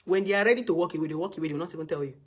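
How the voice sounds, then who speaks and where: A woman's voice: on the low side, racing, slightly rough. A woman giving blunt relationship advice, repeating her points and scolding her listeners. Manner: repetitive, scolding, drills points by repeating words. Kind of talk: emphatic advice talk.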